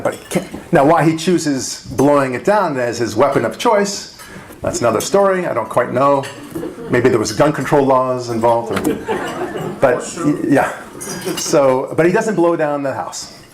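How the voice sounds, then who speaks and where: A man speaking to a dinner crowd in a mid-pitched voice. His delivery is punchy and rhetorical, full of quick "right?" asides, and loose and conversational. Faint clinking of cutlery and dishes sits behind him. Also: expressive, noisy background. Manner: conversational, with restarts and small laughs. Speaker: radio talk show host giving a speech. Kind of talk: speech to a dinner audience.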